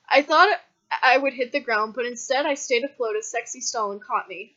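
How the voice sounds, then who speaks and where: A woman's voice: a little high, normal speed, sharp tone. A woman reading a comic fanfiction story aloud with mock-dramatic narration. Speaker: fanfiction reader. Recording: dull lo-fi recording.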